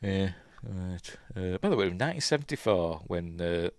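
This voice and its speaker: A man's voice: low-pitched, lively intonation, moderate pace, darkish tone, no echo, clean studio sound. A middle-aged man with a Yorkshire accent hosts a casual film commentary, rambling with many fillers and chuckling as he goes. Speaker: host.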